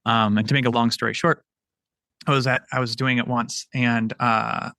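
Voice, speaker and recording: A man, a military veteran, telling a story on a podcast in a halting way, often repeating words. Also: medium pitch, level tone, pushed and bright, no room sound.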